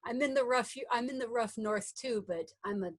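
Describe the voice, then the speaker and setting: A woman's voice: on the high side, normal speed, no echo, clean studio sound. An American woman chatting casually during a poetry showcase. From United States.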